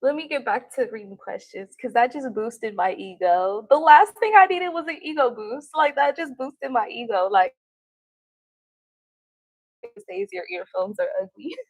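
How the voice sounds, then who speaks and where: Brash, cocky woman with a lively high voice. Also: a little slow, no room sound, low-quality recording. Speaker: tarot reader. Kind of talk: casual live-stream chat. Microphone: streaming mic.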